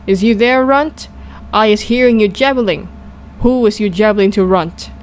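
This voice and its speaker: A woman doing a booming, bullying giant. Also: measured pace, slight background noise, natural voice. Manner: booming, shouting insults. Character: huge brutish male man-eating giant, bullying and loud.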